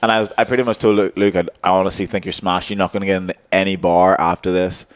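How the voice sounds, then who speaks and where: A man's voice: deep voice, flat delivery, fast, clean tone. A young man co-hosting a podcast, telling a story in a laid-back way and laughing often as he goes. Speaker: podcast co-host. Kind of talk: casual chat.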